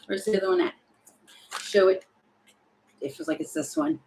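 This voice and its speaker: A woman talking her way through a live tarot reading, chatty and thinking aloud, exasperated at times and slipping into quick acted-out voices. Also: mid-range voice, big pitch swings, gravelly, darkish tone, a little hiss or hum, rough recording. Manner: exasperated about the energy. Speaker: tarot reader.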